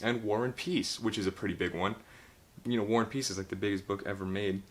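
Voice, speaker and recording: A man's voice: lowish voice, fairly even intonation, fast talker. A young man casually reviewing a book, rambling and swearing as he retells the plot with laughs.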